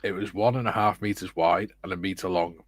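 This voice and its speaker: A man's voice: low-pitched, fairly even intonation, fairly quick, dry recording. A man recovering from the flu, casually reading out viewer comments as co-host of a livestream over a video call. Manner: reads out viewer comments, laughs often. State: recovering from flu, phlegmy chest.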